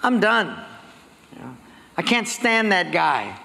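A male pastor preaching a sermon, telling stories with lively acted-out dialogue. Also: high-pitched, takes it slowly, creaky, a little hiss or hum. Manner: animated storytelling, acting out dialogue. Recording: long hall reverb.

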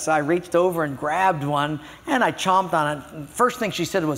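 A man's voice: high-pitched, a little fast, big-room sound, background noise. An older man preaching a sermon as a pastor, telling stories and acting out voices. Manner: animated storytelling, acts out voices.

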